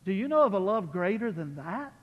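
A man preaching as pastor, building to loud peaks on key lines and dropping to soft, quiet asides. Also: high-pitched, sing-song, a little fast, big-room sound, lo-fi sound. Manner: impassioned, rises loud on key phrases, drops to soft asides. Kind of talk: sermon. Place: church sanctuary.

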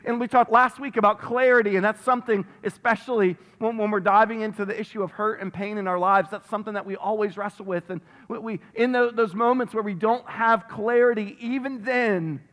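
A pastor delivers his sermon, a man with a voice set high for a man. He talks emphatically, doubling back on phrases to drive them home. His words ring out with a long tail of reverb from a large sanctuary. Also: steady tone, brisk, few pauses, a bit bright. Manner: emphatic, repeats phrases for stress; reads scripture aloud. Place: church sanctuary.

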